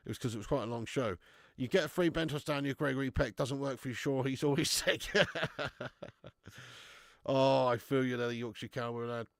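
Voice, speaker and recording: Reading comments aloud on his live stream, a young host jokes around chattily, laughing and slinging slang despite being a bit under the weather with a cold. He's in his home garage, yet the recording sounds studio quality, with no room sound and a medium pitch.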